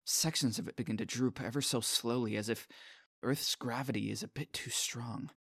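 A man's voice: medium pitch, steady tone, moderate pace, fairly bright tone, breathy edge, dry recording. Male narrator, earnest self-conscious inner voice, dry booth sound. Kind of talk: scripted first-person narration.

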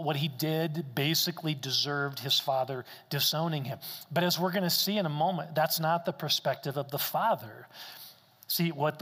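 Bright-voiced male preacher in a reverberant hall. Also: on the high side. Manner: emphatic, repeats key phrases for stress. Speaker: pastor. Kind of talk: sermon.

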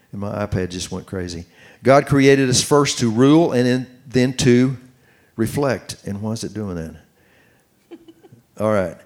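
A middle-aged man preaching on marriage, reading scripture slowly and commenting as he goes. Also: mid-range voice, a little mellow. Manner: earnest, reads scripture slowly with running commentary. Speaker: pastor teaching on marriage. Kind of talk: sermon-style Bible teaching.

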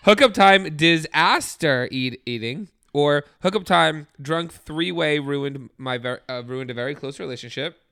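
A man's voice: on the high side, unhurried, vocal fry, hardly any pauses, bright, forceful tone, smooth, no echo. A young man co-hosting a casual podcast chat, joking crudely and reading listener stories aloud. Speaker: podcast co-host.

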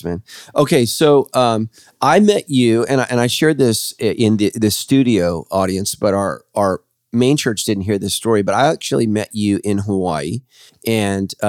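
A man in his forties, a pastor hosting a podcast, telling stories loudly with quick laughs. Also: lowish voice, dry recording, studio quality. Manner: loud, lively storyteller, quick laughs. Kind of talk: casual podcast chat. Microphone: studio podcast microphone.

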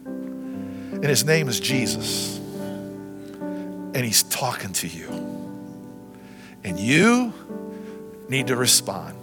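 A man preaching a sermon as pastor, repeating phrases and swinging from loud to soft. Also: medium pitch, sing-song, very slow, long pauses. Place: church sanctuary. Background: guitar music.

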